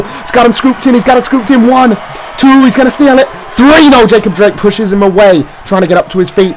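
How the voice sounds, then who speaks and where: High-pitched excitable wrestling commentator man. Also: a little hiss or hum, low-quality recording. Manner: rapid move-by-move calls, shouting near-falls. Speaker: play-by-play commentator.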